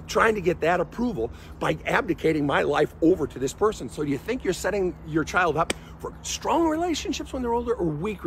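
Middle-aged guy therapist, kinda high voice, punchy and blunt, lots of rhetorical questions. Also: slight background noise. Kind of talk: direct-to-camera commentary.

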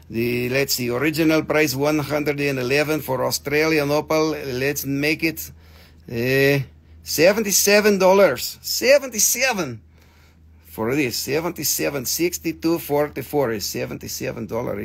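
A man's voice: a little high, normal speed, creaky. A man hosting a live gem sale show, chatty and joking, swearing casually, with phrasing. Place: gem shop studio.

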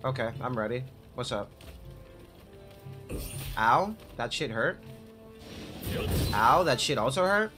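A gaming streamer narrates his own play, frustrated, swearing at enemies and talking directly to the game. His medium-pitched voice is very animated yet slow, with long pauses, while loud game music plays behind him.

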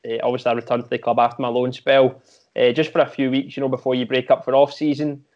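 A man's voice: medium pitch, flat delivery, fast talker, a little mellow, dull audio. A young Scottish man, a former footballer, talking casually as a podcast guest and often restarting his sentences with repeated words. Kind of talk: casual interview chat.

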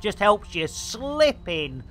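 A man's voice: sits high, big pitch swings, slow pace, bright, forceful tone, soft background music. A man streaming a game, full of playful innuendo banter and with a slight frog in his throat. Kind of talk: livestream commentary.

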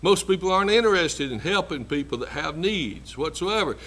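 A man's voice: fairly high pitch, animated, normal speed, fairly bright tone. A man preaching a sermon in a church, folksy and emphatic, repeating his phrases. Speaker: pastor.

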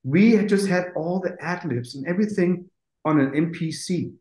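A man, a music producer, telling animated stories in an interview, acting out quotes and swearing casually. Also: high voice, moderate pace, roomy sound, low-quality recording. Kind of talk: anecdotal interview storytelling.

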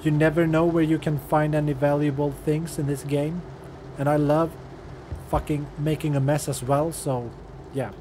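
Profane, jokey non-native English-speaking gamer. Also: male voice, on the high side, level tone, normal speed, dark tone, a little hiss or hum. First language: not English. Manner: profane, jokey, talks to the game characters. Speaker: gaming channel host. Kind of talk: casual let's-play commentary.

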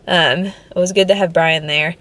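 A woman's voice: fairly low pitch, steady tone, moderate pace, fairly bright tone, slight background noise. A young woman giving a casual vlog update, emotional and teary but relieved, laughing now and then. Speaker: vlogger.

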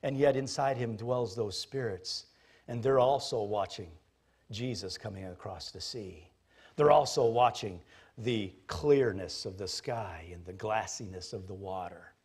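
A man, a pastor, preaching a sermon in an animated, jokey storytelling manner. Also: on the low side, measured pace, breathy edge.

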